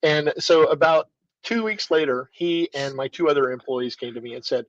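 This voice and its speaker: A man's voice: fairly high pitch, moderate pace, no echo, muffled recording. A man who runs a martial arts school, telling stories as a podcast guest and acting out the dialogue. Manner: animated storyteller, acts out quoted dialogue. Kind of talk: storytelling in a podcast interview.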